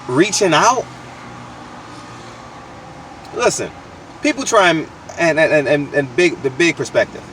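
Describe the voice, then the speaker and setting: A man's voice: on the high side, fairly bright tone, recorded from a distance, slight background noise. A man hosting his channel, delivering a blunt, slangy, profane opinion rant with lots of emphatic restarts, recorded outdoors. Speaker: channel host.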